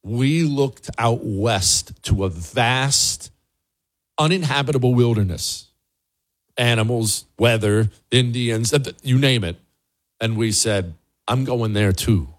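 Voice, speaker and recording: A man's voice: medium pitch, takes it slowly. A man hosting a show, giving casual commentary in an earnest, emphatic way, often repeating words for stress. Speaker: show host.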